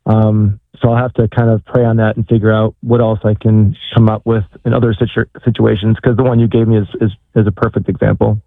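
Man caller, hesitant, halting restarts, flat tone, tinny phone line. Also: on the low side, no room sound. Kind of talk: casual call-in question.

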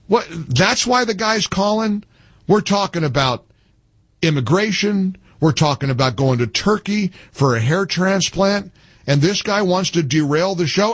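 A middle-aged man hosting call-in talk radio, animated, jokey and easily exasperated. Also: high voice, a little slow, no echo. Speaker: radio talk show host.

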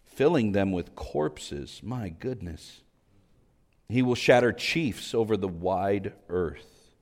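A man preaching a sermon fervently, rising to emphatic peaks and dropping to hushed low passages. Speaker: pastor. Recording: long hall reverb.

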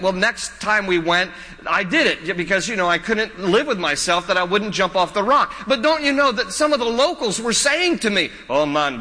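High bright preaching man in a hall. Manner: conversational preaching with repetition and asides. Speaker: pastor. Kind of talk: sermon. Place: church.

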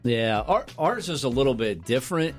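A man co-hosting a morning radio show, chatting casually and telling jokey, animated stories. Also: medium pitch, normal speed, soft background music.

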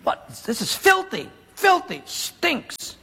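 A preacher putting on a fuming proud general. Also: male voice, high-pitched, huge pitch swings, normal speed, sharp tone, slightly rough, big-room sound, heavily acted. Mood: disgusted. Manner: indignant, scoffing. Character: furious proud male army general.

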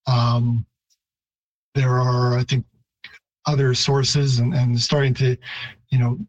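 A man, a linguistics professor, answering radio interview questions in a thoughtful, halting way with many restarts. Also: mid-range voice, darkish tone, husky, muffled recording.

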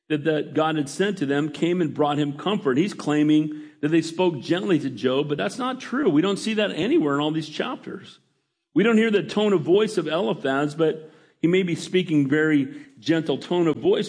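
A man's voice: fairly high pitch, darkish tone. A middle-aged male pastor preaching a folksy sermon, reading scripture and asking the congregation for amens.

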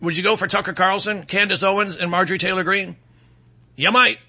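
A man's voice: high-pitched, steady tone, fairly quick, sharp tone. A middle-aged man hosting a political commentary monologue, sarcastic and mocking, rambling with fillers and restarts.

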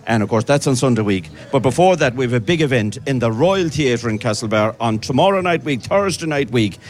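A man's voice: mid-range voice, animated, brisk. An Irish man presenting a live local radio outside broadcast, chatty and upbeat, bantering with guests.

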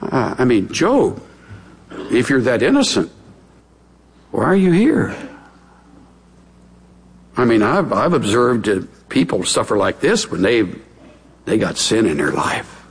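A man voicing a smooth-talking older friend who gently accuses his companion, in a conversational, needling manner. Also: medium pitch, big pitch swings, takes it slowly, pauses often, a little hiss or hum, voice pushed down. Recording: long hall reverb.

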